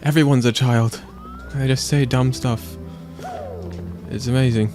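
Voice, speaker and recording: A man hosting a let's play, chatting casually in a rambling, animated way and acting out quotes in silly voices. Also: mid-range voice, unhurried, soft background music. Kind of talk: casual gaming chat.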